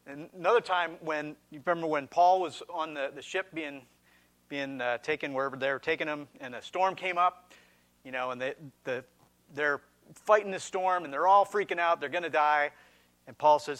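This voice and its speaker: A middle-aged male pastor delivering a sermon in a slightly higher voice. He speaks earnestly and with emphasis, and at times his voice sinks into gentle, quiet reassurance. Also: normal speed.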